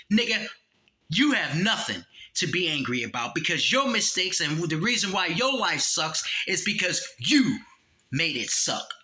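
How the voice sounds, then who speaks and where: A man giving a blunt, profane, preachy monologue, quoting scripture and swinging between raised emphasis and low, dropped-voice warnings. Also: bright, forceful tone. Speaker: religious commentator.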